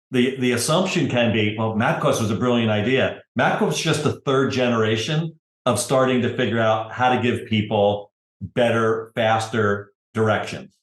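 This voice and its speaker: A middle-aged man speaks as a podcast guest at an average pitch, telling a long story in a loose conversational way. He often adds "right?" and "you know". His voice carries noticeable room echo. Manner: conversational, tag questions, frequent "you know". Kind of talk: casual interview storytelling.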